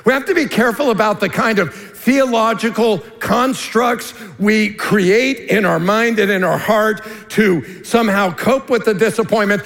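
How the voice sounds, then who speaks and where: A man preaching a sermon as lead pastor, earnest and emphatic, dropping to a hushed tone for key points. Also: high voice. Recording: long reverb of a large hall.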